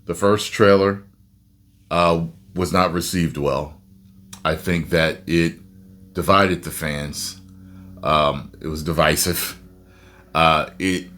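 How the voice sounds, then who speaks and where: A man giving casual, animated movie reaction commentary with a rambling, self-interrupting manner. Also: sits low, slow, long pauses, slight background noise.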